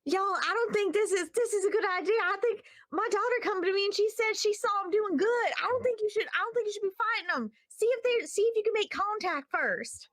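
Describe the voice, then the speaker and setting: Woman doing a folksy Southern countrywoman on a tabletop-game radio, high and lively, urging calm. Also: a little fast, few pauses, no echo, clean studio sound. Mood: pleading. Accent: put-on Southern US.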